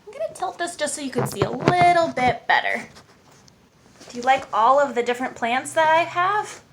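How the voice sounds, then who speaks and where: A young woman with a high-pitched, lively voice speaks at normal speed as a kids' movement and mindfulness instructor, playing Jane, a cheerful adventurer and friendly guide. She leads children through the lesson in an upbeat, encouraging way, recorded in an echoey room with faint ambience and background noise.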